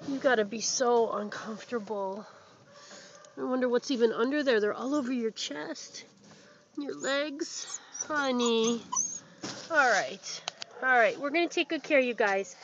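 Woman cooing softly to rescued dogs. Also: fairly high pitch, measured pace. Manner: cooing, affectionate pet talk. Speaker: dog rescuer. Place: animal shelter and car. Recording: muffled lo-fi camera audio with noise.

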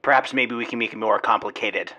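A man's voice: lowish voice, fast talker, sharp tone. A young man improvising a wisecracking comedy dub over an old film. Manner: wisecracking, sarcastic. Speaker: comedy dubber.

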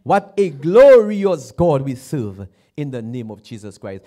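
A man from Dominica, preaching a sermon, repeating his phrases and building to loud exclamations. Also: fairly high pitch, sing-song, unhurried.

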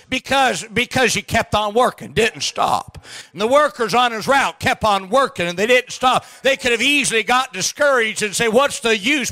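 A man preaching a sermon in a church, emphatic, with frequent restarts and bursts of shouting. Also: extremely high pitch. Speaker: pastor. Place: church sanctuary.

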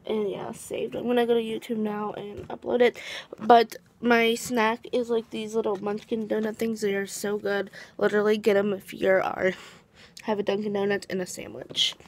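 Rambling, gravelly-voiced young woman vlogging. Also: medium pitch, flat delivery, moderate pace, slight background noise. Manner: rambling, restarts sentences, giggly. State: tired. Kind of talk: casual vlog chat.

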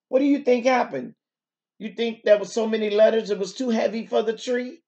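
A woman's voice: medium pitch, normal speed, darkish tone, lo-fi sound. A woman teacher reading a picture book aloud to young children, stopping often to exclaim and to ask them questions.

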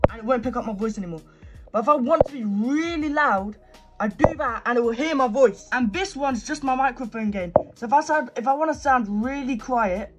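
A young man in his teens, chatting casually as he shows off his gaming setup at his desk. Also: very high voice. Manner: chatty, showing things off as he goes. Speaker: gaming YouTuber. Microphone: desk microphone.

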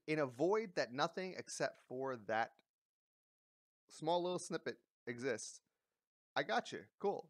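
A man's voice: medium pitch, no echo. Blunt, swearing man with a dry sound. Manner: blunt, profane, full of fillers and restarts. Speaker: commentary vlogger. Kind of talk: casual ranting commentary.

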